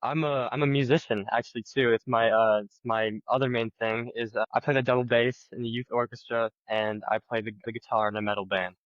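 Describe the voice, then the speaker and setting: A teenage boy from Minnesota answers podcast questions in a relaxed, rambling way, filling his sentences with "like" and "um". His audio comes through a bit dull and muffled, with a dry sound and no room around it. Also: mid-range voice, fairly quick, few pauses, no echo. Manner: relaxed, filler-heavy, says "like" a lot. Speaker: guest. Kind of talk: casual interview answers.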